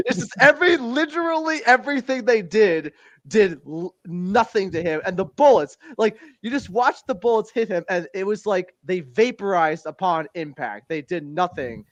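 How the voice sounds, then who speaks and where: In a dry recording, a podcast co-host with a somewhat high voice chats casually. He rambles through scenes, laughs frequently, and puts on a voice for the lines he quotes.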